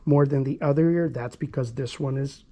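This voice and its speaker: A man, a dog groomer, talking viewers through a hands-on grooming demonstration in an earnest, repetitive way, with soft soothing asides to the dog. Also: mid-range voice, normal speed.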